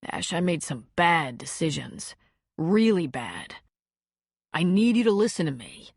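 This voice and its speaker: A woman's voice: lowish voice, big pitch swings, measured pace, husky, no echo, clean studio sound, full character voice. A woman reading an audiobook, voicing a remorseful young man who pleads and apologizes to his ex. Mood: pleading.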